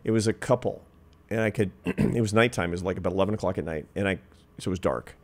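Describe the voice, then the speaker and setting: A man's voice: deep voice, quick pace. A man in his fifties, a social scientist and interview guest, earnestly telling a personal anecdote in conversation. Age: 50s. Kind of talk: reflective storytelling in conversation.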